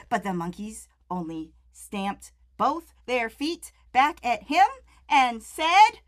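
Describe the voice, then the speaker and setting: A woman reads a picture book aloud to young children. Her high, lively voice swoops widely and takes its time. She is playful and animated, drawing the kids in with questions. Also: slow pace. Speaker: storyteller.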